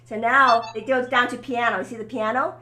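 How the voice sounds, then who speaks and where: A woman's voice: fairly high pitch, fairly even intonation, a little fast, bright, forceful tone, echoey room. A woman giving a one-on-one violin lesson, coaching and encouraging her student, often checking in with "okay?". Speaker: violin teacher. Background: faint violin playing.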